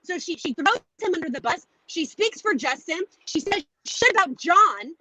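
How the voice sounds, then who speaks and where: A woman's voice: very high-pitched, lively intonation, moderate pace, pushed and bright, slight background noise, poor audio. A woman ranting bluntly and profanely in casual live chat, jittery from coffee while on her way home. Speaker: call-in panelist. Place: on the move, heading home.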